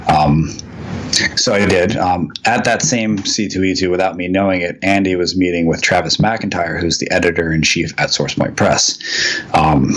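A man's voice: low-pitched, normal speed, fairly bright tone, a little hiss or hum. A man, a comics writer, telling a long anecdote as a podcast guest, rambling with frequent ums and restarts. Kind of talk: casual storytelling in a podcast interview.

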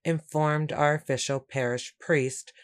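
Woman voicing a calm, commanding gentleman. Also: sits low, smooth. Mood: urgent. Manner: measured, controlled, briefly angry.

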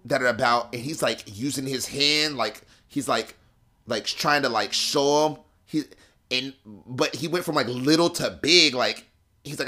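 A young man hosting a podcast tells a story in slangy, profane casual speech, speaking at a moderate pace in a mid-range voice. He acts out the voices of the people involved, swinging animatedly from hushed whispers to loud excitement.

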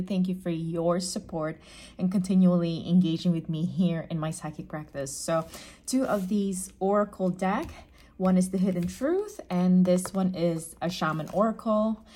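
A woman giving a casual tarot reading to camera, chatty and gentle, often restating her phrases. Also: on the low side, normal speed. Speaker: psychic tarot reader.

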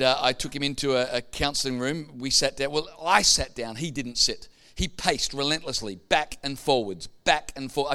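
A man preaches to his congregation, his voice sitting a little high for a man. He tells stories in a loose, chatty way, then builds up to emphatic, punchy points. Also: pushed and bright. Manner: storytelling, building to emphatic peaks. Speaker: pastor. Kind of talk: sermon.

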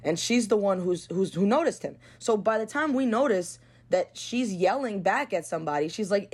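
A woman's voice: medium pitch, expressive, normal speed, hardly any pauses, a little mellow, husky. A young woman telling a story bluntly and casually, swearing freely and filling her talk with "like". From New York. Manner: blunt and profane, lots of "like". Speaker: guest.

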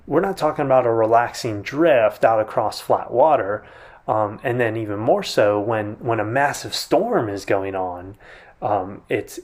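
A man's voice: mid-range voice, darkish tone. A man preaching a sermon in a conversational way, often restarting and retelling a scene vividly. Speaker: pastor.

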